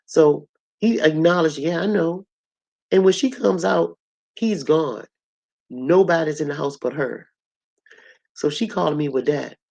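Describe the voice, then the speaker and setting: A hoarse woman with a cough, telling a story to her audience in a blunt, colorful, animated way. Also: deep voice, a little slow, long pauses. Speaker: host.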